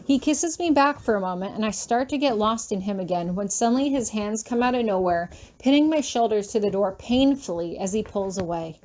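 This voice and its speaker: A woman who reads fan fiction aloud, narrating a first-person story in a steady, soft-spoken way. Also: mid-range voice, fairly quick, hardly any pauses.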